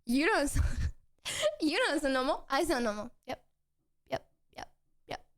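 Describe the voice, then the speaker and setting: A young woman with a bright, high voice chats with her live viewers from home. She rambles, laughs easily and trips over her own sentences as she goes. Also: very animated, a little slow. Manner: chatty and rambling, with frequent restarts and giggles. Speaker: streamer. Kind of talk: casual chat with viewers.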